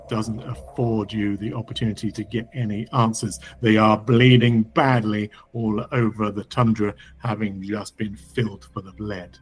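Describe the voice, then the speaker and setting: A man narrating as game master of a tabletop role-playing game, measured and descriptive. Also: on the low side.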